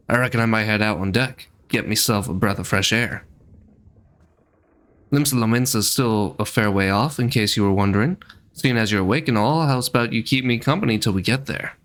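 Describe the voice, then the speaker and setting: A man voicing a chatty sailing merchant in a rough folksy accent he admits he is not good at. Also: lowish voice, a bit bright, lightly acted. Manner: homely, colloquial, slightly clumsy put-on accent.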